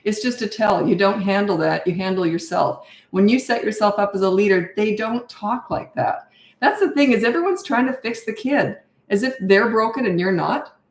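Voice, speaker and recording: A woman's voice: mid-range voice, normal speed, echoey room. A middle-aged woman coaching parents in a live Q&A, giving blunt, no-nonsense advice with rhetorical questions. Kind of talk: live Q&A, answering viewer questions.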